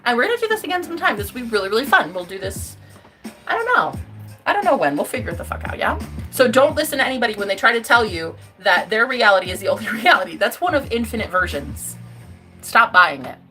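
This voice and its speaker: An effusive woman hosts a casual livestream from home, her voice bright and higher than most. She swings widely in pitch as she gushes at viewers and chants affirmations, with faint music playing underneath. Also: big pitch swings, fast talker. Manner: effusive, bubbly, calls viewers babe and honey. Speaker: livestream host.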